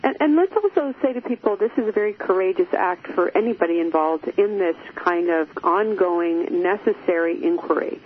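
High-pitched guy host, encouraging, sounds like he's on a thin phone line w/ faint hiss. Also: moderate pace, hardly any pauses. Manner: encouraging, frequent affirming murmurs. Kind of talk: interview hosting.

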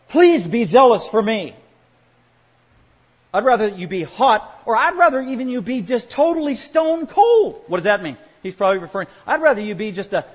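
A male pastor preaching a sermon, swinging from quiet asides to loud emphatic points. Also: sits high, slightly rough, long reverb tail, dull audio.

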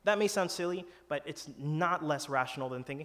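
A man's voice: fairly high pitch, a little fast, a bit bright. A man preaching a sermon in an earnest, conversational way, acting out quoted lines with some drama. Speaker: pastor. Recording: long hall reverb.

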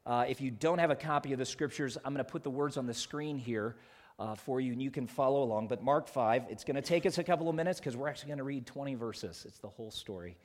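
A male pastor preaching a sermon to his congregation, earnest, with loud emphatic peaks and soft quiet drops. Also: mid-range voice, fast.

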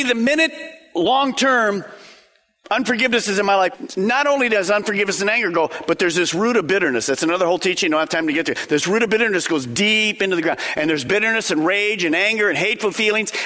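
A man preaching a sermon with a bright, higher voice that swings widely in pitch. He drives his points home with rhetorical questions and rapid lists, and his voice carries a long reverb from a large hall. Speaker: pastor.

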